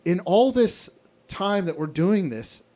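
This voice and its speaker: A man's voice: high voice, expressive, slow pace, dark tone. A man co-hosting a podcast, telling a long work anecdote in casual chat, with restarts and acted-out quotes. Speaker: podcast co-host.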